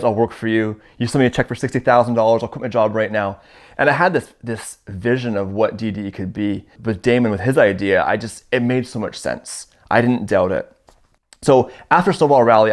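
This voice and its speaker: A man from Canada in his thirties, telling a casual first-person story and acting out the dialogue in it. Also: on the low side. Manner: animated, acts out quoted dialogue in his stories. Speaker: storyteller guest.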